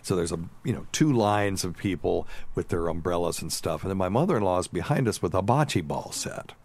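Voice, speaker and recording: A man's voice: low-pitched, lively intonation, a little fast, a little mellow. A man hosting a casual podcast as a doctor, telling loose, chatty stories and laughing often.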